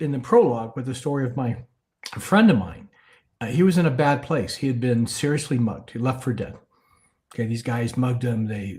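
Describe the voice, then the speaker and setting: An older man who is an author being interviewed, telling stories conversationally and dropping to a hushed tone at the serious moments. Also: medium pitch. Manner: animated storyteller, drops to a hushed tone for serious moments. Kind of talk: conversational storytelling.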